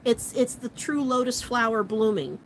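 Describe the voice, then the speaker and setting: Sex: woman. Role: vlogger. Style: casual show recap. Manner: chatty, animated. Pitch: high. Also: moderate pace, a little hiss or hum, poor audio.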